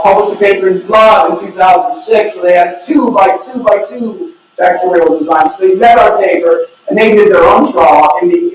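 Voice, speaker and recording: Presenting his research at a conference, a man with a high-pitched voice speaks at normal speed and rarely pauses, offering strong opinions with dry humor and jokes on the side. The room echoes and the mic is far away.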